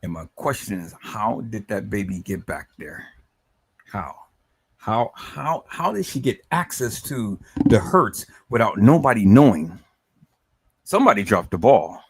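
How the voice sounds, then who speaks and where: A man's voice: fairly low pitch, very animated, a little slow, creaky, husky. A man hosting a livestream, talking emotionally and emphatically, repeating words and stammering as he addresses his viewers as "people". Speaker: live stream host.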